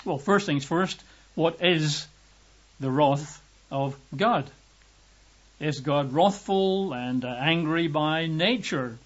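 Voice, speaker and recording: A man from Britain preaching a lively, emphatic sermon, raising his voice to act out quotes. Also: takes it slowly. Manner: lively emphatic, acts out quotes with raised pitch. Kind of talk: sermon teaching. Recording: dull lo-fi recording.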